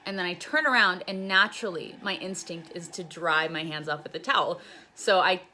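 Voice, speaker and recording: A woman's voice: fairly low pitch, moderate pace, pushed and bright. A young woman casually recounting a personal story, rambling and swearing freely with lots of "like.". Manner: profane, rambling, heavy use of "like". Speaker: storyteller recounting her jail time.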